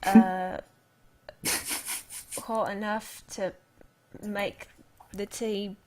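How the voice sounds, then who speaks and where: A woman playing in a tabletop role-play game, chatting casually and often trailing off quietly. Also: mid-range voice, little pitch movement, extremely slow, a little hiss or hum. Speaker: player.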